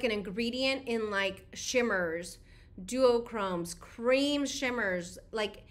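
A woman with a somewhat high voice chats through a live beauty stream. She rambles casually to her viewers and leans on "like" constantly. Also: a bit bright. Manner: chatty and rambling, full of "like". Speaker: beauty livestream host. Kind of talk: casual livestream chat.

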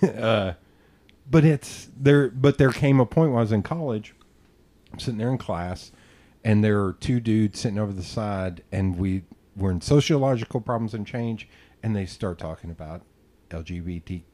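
A male podcast host with a low, warm, mellow voice, talking in a loose and casual way. He rambles through personal stories, curses freely and jokes at his own expense. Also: moderate pace. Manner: rambling, profane, self-deprecating storytelling. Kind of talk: casual interview chat.

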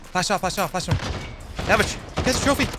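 A young man giving excitable live commentary over his own gameplay, yelping and swearing as the fights heat up. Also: high voice, brisk, noisy background. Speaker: gaming YouTuber. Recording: game gunfire loud under the voice.

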